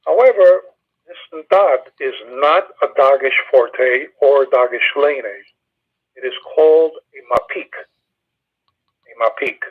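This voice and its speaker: A man with a husky voice teaches Hebrew grammar in a Bible study, explaining step by step and pausing often on fillers. He comes through a thin, tinny phone line. His pitch sits in an ordinary middle range. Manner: methodical, patient explaining with frequent "uh" fillers. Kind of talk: Hebrew grammar lesson over a phone call.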